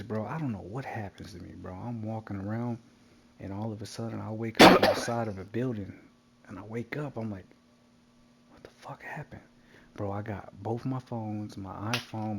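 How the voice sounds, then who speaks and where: A man telling a wild story in casual chat while gaming, animated and profane, laughing often. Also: lowish voice, normal speed, vocal fry, slight background noise.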